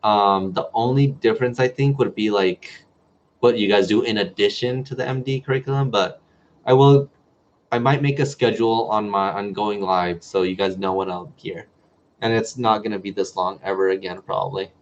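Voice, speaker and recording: A man's voice: on the low side, fairly even intonation, normal speed, slight background noise. Chatty young man on a lo-fi livestream. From New Mexico, US. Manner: chatty, reads viewer comments aloud and answers them. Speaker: medical student livestream host. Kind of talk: casual livestream Q&A. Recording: dull lo-fi livestream audio.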